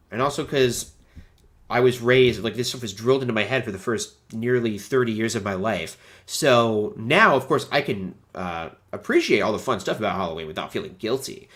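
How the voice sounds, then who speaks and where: A man in his thirties from the United States with a stuffy nose, hosting a chatty, animated livestream. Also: mid-range voice. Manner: chatty and animated, many fillers. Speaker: host. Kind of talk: casual livestream chat.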